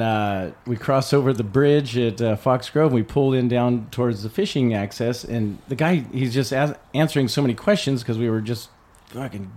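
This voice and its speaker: A man's voice: medium pitch, darkish tone. A man co-hosting a podcast, telling a long rowdy story in casual chat, acting out the quotes and swearing freely. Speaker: podcast co-host.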